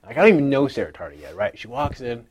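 A man's voice: medium pitch, big pitch swings, fast talker, slight background noise. A man giving a casual personal testimony at a conference. He tells his story in a chatty way, acting out what other people said and using many fillers like "like".

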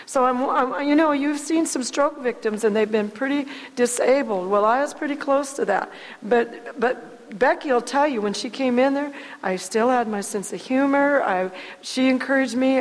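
A woman telling a personal faith testimony in a halting, earnest way, often repeating her words as she goes. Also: on the high side, in a large hall, low-quality recording. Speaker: guest sharing testimony.

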